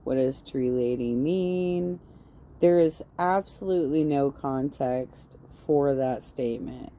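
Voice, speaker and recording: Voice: mid-range voice, slow pace, warm tone. A commentator doing casual reaction talk, blunt and mocking. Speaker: commentary streamer.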